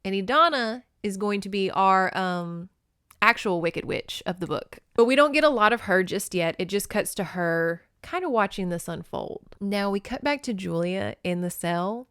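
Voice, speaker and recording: A woman hosting a casual book-recap podcast, animated and joking, with quick asides and swearing. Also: mid-range voice, clean tone, no room sound, studio quality. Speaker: podcast host.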